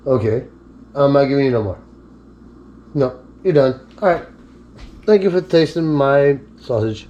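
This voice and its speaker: A man's voice: medium pitch, animated, normal speed, long pauses, mellow, highs cut off. A man giving a casual cooking demonstration in his home kitchen, chatty and easygoing, and talking to his dog between steps. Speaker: cooking vlogger.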